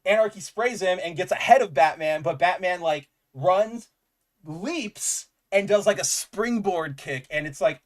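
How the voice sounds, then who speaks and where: A man with a high voice co-hosts a casual comics podcast, speaking a little slowly. He's enthusiastic and rambling, and says "like" a lot.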